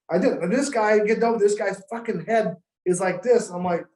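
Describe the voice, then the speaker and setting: A high-pitched man tells a story in loose, profane, animated podcast talk. His voice rings a little in a roomy space. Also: moderate pace, hardly any pauses. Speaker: pro golfer guest. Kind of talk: casual podcast chat.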